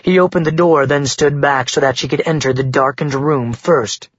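A man narrating a novel in an even, steady audiobook reading. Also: mid-range voice, moderate pace, slightly rough, no echo, lo-fi sound.

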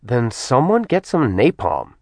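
A man's voice: medium pitch, huge pitch swings, measured pace, gravelly, darkish tone, no echo, voice pushed up, exaggerated voice. A man voicing a flippant, wisecracking young man. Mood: snarky. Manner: snarky, flippant.

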